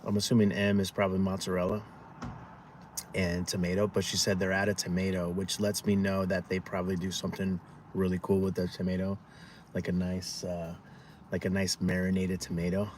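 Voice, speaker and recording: A man's voice: sits low, completely flat delivery, moderate pace, a little mellow. A man chatting casually to viewers on a live food vlog, rambling with asides to his dog, outdoors and in his car. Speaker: food vlogger. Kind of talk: casual live-stream chat. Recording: noisy outdoor traffic background.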